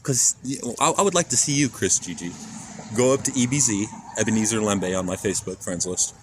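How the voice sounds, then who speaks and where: A man's voice: fairly low pitch, brisk. Rambling man streaming from noisy street. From Kansas, USA. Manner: rambling, profane, talks straight to chat. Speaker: IRL streamer. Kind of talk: casual live-stream chat while walking. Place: outdoors on city streets. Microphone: handheld phone. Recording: phone stream with loud street noise. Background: traffic and street noise.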